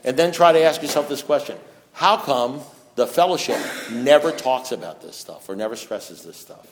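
A middle-aged man giving a blunt, preachy talk at a recovery meeting, swinging from loud urging to low, quiet passages. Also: expressive, moderate pace, slight background noise. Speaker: AA speaker.

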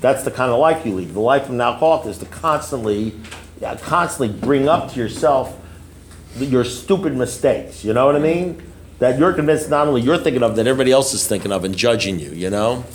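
A man's voice: medium pitch, lively intonation, a little fast, slight background noise. A blunt, self-mocking middle-aged man speaking casually at a recovery meeting, rambling and often asking "you know what I mean?".

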